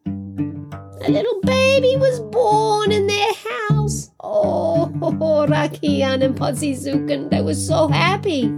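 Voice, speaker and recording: A woman storyteller telling a folk tale to children in an animated, expressive way. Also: extremely high pitch, slow, gravelly. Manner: animated, expressive, gasping and laughing. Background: guitar music.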